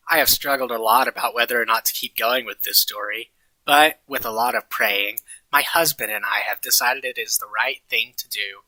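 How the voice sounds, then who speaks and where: A man's voice: mid-range voice, pushed and bright, dry recording, low-quality recording. A man reading a story aloud to friends in a sarcastic, mock-earnest way, as the host of the reading. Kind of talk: mocking dramatic reading with friends.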